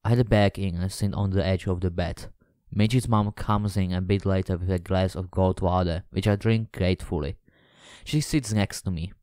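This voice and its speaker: Low-voiced man narrating a story. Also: fairly even intonation, moderate pace, darkish tone, clear, resonant tone, no room sound, clean studio sound. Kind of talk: first-person story narration.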